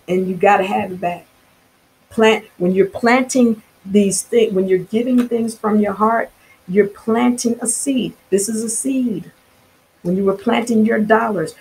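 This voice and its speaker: A woman's voice: fairly low pitch, a little mellow, slight background noise, rough recording. Fervent woman preaching to viewers. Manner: fervent and preachy, with casual slang and many restarts. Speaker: spiritual vlogger. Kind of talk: impassioned spiritual monologue to viewers.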